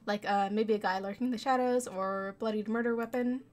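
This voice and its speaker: A woman's voice: medium pitch, fairly even intonation, fairly quick, darkish tone, lightly acted. A woman reading the lines of an earnest male bird attorney in a game, reading them aloud in a plain voice. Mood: formal. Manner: reads game dialogue aloud.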